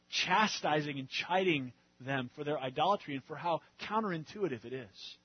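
A man preaching an expository sermon in a conversational way, checking in with the congregation and building to louder emphasis. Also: a little high, slightly rough, no room sound, lo-fi sound. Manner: conversational, often checks in with "all right?" and "right?"; grows louder and more emphatic as he goes. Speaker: pastor.

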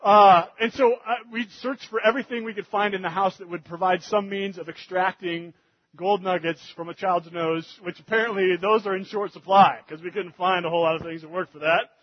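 A man preaching, telling a family story in an animated way that gets loud and fast in the funny parts. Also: high-pitched, dull audio. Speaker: pastor. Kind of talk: sermon storytelling.

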